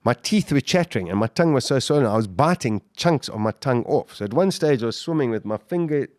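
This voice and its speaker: A man, a podcast guest, telling his survival story in an animated way, full of restarts and repeated words. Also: mid-range voice, fast talker, dry recording, clean studio sound. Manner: vivid, animated retelling with restarts. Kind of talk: interview storytelling.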